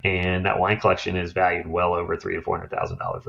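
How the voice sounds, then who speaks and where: A middle-aged man, a guest on an interview, telling lively stories and acting out other people's voices. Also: deep voice, fast talker, creaky, slight background noise. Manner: animated storyteller who acts out others' voices. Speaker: guest, downsizing expert. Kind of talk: interview storytelling. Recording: slightly dull lo-fi sound.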